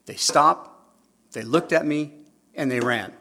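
A man's voice: fairly high pitch, a little slow, vocal fry. A man preaching a sermon, who tells stories, acts out dialogue and keeps asking his listeners questions. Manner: animated storytelling, acts out dialogue, asks the audience questions.

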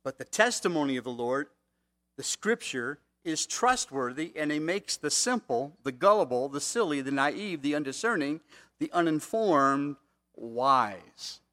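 A man's voice: a little high, lively intonation, unhurried, fairly bright tone. A man preaching a conversational sermon, asking the congregation rhetorical questions. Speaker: pastor.

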